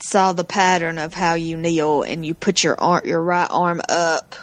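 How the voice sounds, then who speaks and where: A woman's voice: fairly low pitch, steady tone, measured pace, no echo. A woman co-hosting a podcast, asking hesitant questions in casual chat. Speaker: podcast co-host.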